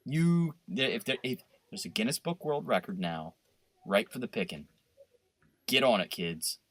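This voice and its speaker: A man co-hosting a podcast, riffing through profane, animated rants in casual banter. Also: on the low side, moderate pace, no room sound. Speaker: podcast co-host.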